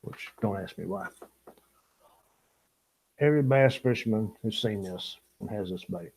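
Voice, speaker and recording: Older man, husky voice, low pitch, chatty live-stream host. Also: measured pace, darkish tone, poor audio. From Louisiana, USA. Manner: chatty, laughs often, talks to chat viewers. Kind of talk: casual live-stream chat. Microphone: small camera-top microphone.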